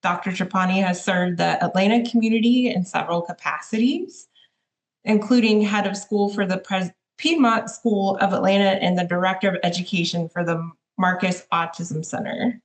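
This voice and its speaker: A woman of mid pitch moderates an online webinar, introducing two speakers. She speaks casually, with a few fillers and small apologies. The sound comes through a video call. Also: moderate pace.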